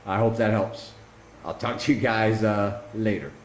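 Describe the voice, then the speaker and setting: A man vlogging casually, teaching travel phrases slowly and deliberately, repeating each one several times. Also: on the low side, flat delivery. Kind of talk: casual instructional vlog. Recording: echoey room with faint traffic noise.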